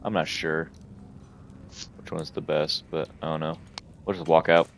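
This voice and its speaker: A young man casually playing a game, reading its text aloud in a halting, mumbling way. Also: extremely low pitch, little pitch movement, slight background noise. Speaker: gamer streamer. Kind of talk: casual let's-play commentary.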